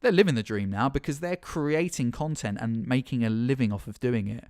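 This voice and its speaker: A man's voice: medium pitch, brisk, few pauses, a little mellow, no echo, studio quality. A man delivering an angry, impassioned vlog rant as a gaming YouTuber, sarcastic and swearing often. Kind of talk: ranting vlog commentary.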